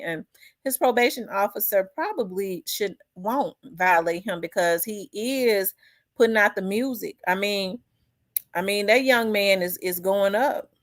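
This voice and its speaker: A woman's voice: medium pitch, no echo. Middle-aged southern lady chatting loose, lots of ums and restarts, dry close sound. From Memphis, US South. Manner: loose and conversational, many fillers and restarts; reads out and answers viewer comments. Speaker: host. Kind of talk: casual commentary chat.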